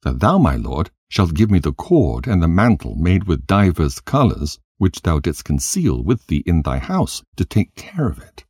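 A man's voice: low voice, very animated, moderate pace, hardly any pauses, a little mellow, husky, dry recording, studio quality, full character voice. A man voicing a cheated traveller who pleads and protests. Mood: pleading. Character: cheated male traveller, aggrieved.

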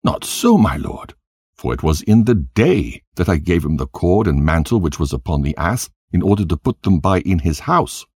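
A man's voice: low-pitched, animated, normal speed, darkish tone, breathy edge, no echo, clean studio sound. A man voicing a cheated traveller who pleads and protests. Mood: pleading. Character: cheated male traveller, aggrieved.

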